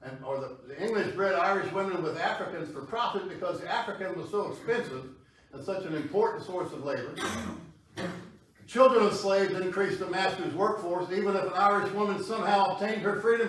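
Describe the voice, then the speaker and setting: A man's voice: sits high, a little fast, fairly bright tone, recorded from a distance, slight background noise. Man lecturing in an echoey hall. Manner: conversational, asks the audience questions. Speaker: history lecturer. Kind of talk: public history talk. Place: meeting hall with audience. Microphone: far tripod camera.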